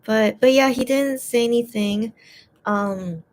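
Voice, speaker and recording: A woman's voice: a little high, slow pace, darkish tone. Rambling hesitant young woman chatting. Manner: rambling, hesitant, repeats words often. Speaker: fan translating a live stream. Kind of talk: casual livestream chat.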